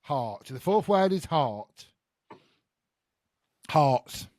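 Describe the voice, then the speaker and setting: A man hosts a chatty podcast and plays a guessing game with his guests, laughing and muttering as he thinks. His voice is a little high and swings up and down a lot. He talks slowly, and the sound is dry and close. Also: no room sound. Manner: animated, laughing, thinking aloud. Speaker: podcast host.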